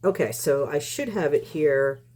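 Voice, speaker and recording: A woman's voice: deep voice, expressive, a little slow, a little mellow. A woman giving casual commentary on her channel, combative and rambling, with many restarts. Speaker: YouTube commentator.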